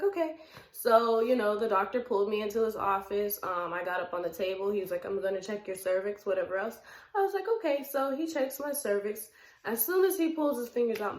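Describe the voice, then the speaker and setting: A young woman vlogger telling a personal story in a casual, animated way. She laughs often and acts out the lines that people said. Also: mid-range voice. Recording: echoey room.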